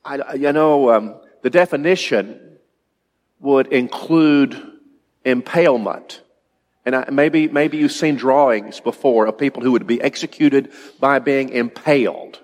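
A male pastor preaching to his congregation, his voice sitting in a middling register. He talks in a halting, thinking-aloud way, restarting and repeating words. The sound carries the long reverb of a large hall. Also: mid-range voice, a little mellow. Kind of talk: sermon.

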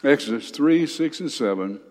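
A man preaching a sermon, reading scripture aloud with swelling emphasis and pausing on frequent fillers. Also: mid-range voice, lively intonation, darkish tone. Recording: long hall reverb.

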